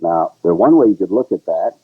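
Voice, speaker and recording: A man co-hosting a casual chat, telling a story with lively sung bits. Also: fairly quick, slightly rough. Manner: animated storyteller who sings high "la la" bits. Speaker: show co-host. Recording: tinny, phone-like, lo-fi sound.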